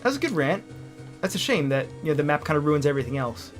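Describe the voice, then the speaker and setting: A man's voice: on the high side, very animated, quick pace, faint music behind. A young man co-hosting a let's play, reacting with exclamations while he plays and chats casually. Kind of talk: casual gameplay chat.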